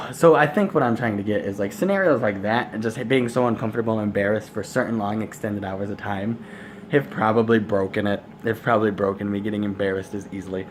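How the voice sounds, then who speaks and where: A man's voice: lowish voice, fairly quick, slight background noise. A young man telling a crude, rambling story to camera in a casual vlog. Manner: rambling, crude jokes, laughs at his own stories. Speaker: vlogger.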